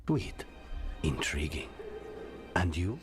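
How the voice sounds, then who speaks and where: An actor playing a grave, brooding male assassin companion in a video game, speaking in a measured, intense way. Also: rumbling low, sing-song, heavily acted. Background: game music.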